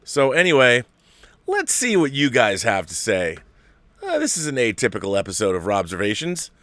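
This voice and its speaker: A man's voice: mid-range voice, huge pitch swings, moderate pace, a bit bright, no room sound. A man in his forties hosting a casual livestream, reading viewer letters and answering them in a rambling, self-correcting way. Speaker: host.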